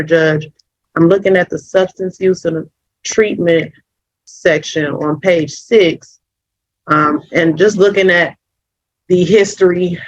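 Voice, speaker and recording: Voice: mid-range voice, no room sound. A prosecutor addressing a judge formally and hesitantly, with many fillers. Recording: dull lo-fi courtroom audio.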